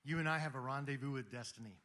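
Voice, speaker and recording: A man's voice: mid-range voice, racing, sharp tone. A man giving an impassioned, preaching speech to a live audience at a Christian gathering. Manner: preaching, rhetorical, emphatic.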